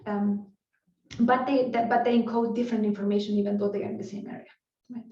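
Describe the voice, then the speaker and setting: A woman's voice: medium pitch, little pitch movement, quick pace, dark tone. Woman lecturing, roomy and distant. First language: Spanish. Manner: conversational, peppered with "you know" and restarts. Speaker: neuroscience researcher giving a talk. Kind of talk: conference lecture. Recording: roomy, distant, dull lecture-hall recording.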